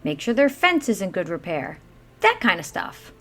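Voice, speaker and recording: A woman voicing an impatient, bossy pig farmer who talks in a brisk, raised voice. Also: medium pitch, big pitch swings, a bit bright. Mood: upbeat.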